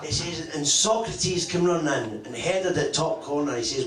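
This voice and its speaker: A man's voice: fairly high pitch, moderate pace, fairly bright tone, distant mic. Man telling stories in an echoey hall. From Scotland. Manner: profane, self-mocking punchlines. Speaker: guest, former footballer. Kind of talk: live anecdote storytelling on stage. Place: function room with a live audience. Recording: echoey room, voice picked up from afar.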